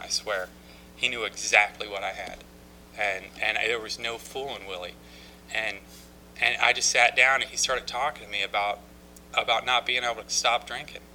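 A man telling his own recovery story to a group, halting with many restarts and dry, self-mocking humor. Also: medium pitch, sharp tone, a little hiss or hum, poor audio. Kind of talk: personal testimony talk.

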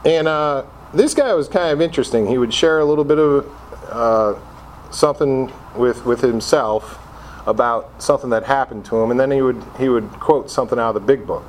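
A man's voice: mid-range voice, moderate pace, a little hiss or hum. A middle-aged man from Connecticut sharing his own story with a group in a casual, self-mocking way, acting out his old reactions as he goes. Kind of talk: personal recovery talk to a group.

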